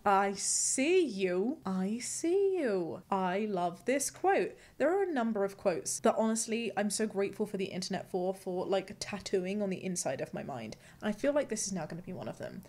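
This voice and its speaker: A woman's voice: mid-range voice, lively intonation, a little fast, few pauses, a little mellow. A young woman hosting a casual chat, bubbly and self-mocking, often breaking into giggles. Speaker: host.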